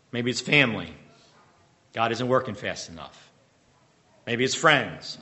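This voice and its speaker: A man's voice: mid-range voice, animated, bright, forceful tone. A man preaching a sermon as pastor, quizzing the congregation with fill-in-the-blank questions and repeating key points with emphatic bursts. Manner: emphatic bursts and slowed-down repetition.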